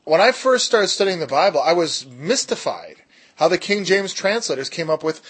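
A man with a somewhat high, husky voice teaches a casual Bible study. He explains with emphatic bursts, drawing out key words slowly, and drops in jokey, self-deprecating asides. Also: big pitch swings, a bit bright.

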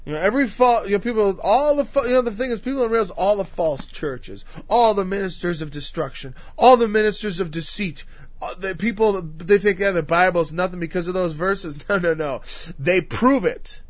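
High-voiced man preaching emphatically. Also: animated, normal speed, no room sound, lo-fi sound. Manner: emphatic, raises voice at times. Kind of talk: sermon.

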